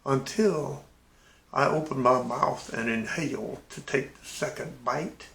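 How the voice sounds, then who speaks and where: An older man and navy veteran telling a sea story in a folksy, animated way. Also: mid-range voice, unhurried, gravelly, echoey room, slight background noise. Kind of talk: casual spoken anecdote.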